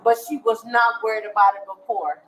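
A woman's voice: on the high side, steady tone, a little fast, slight background noise, low-quality recording. A mother arguing heatedly with police outdoors on school grounds, agitated and insistent, repeating herself again and again. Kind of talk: heated confrontation.

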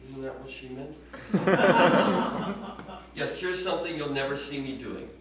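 A man performing a stand-up comedy set in a prim, self-mocking deadpan style, heard from a distance in an echoey room with audience laughter behind him. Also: fairly high pitch, unhurried. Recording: echoey room recorded from afar with audience noise.

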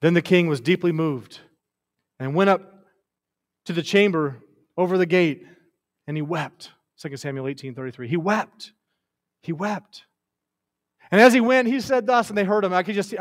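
A man preaching a sermon with passion, rising to loud declarations and dropping to hushed, tender lines. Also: high voice, expressive, moderate pace, long pauses. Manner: impassioned, swings from loud to hushed.

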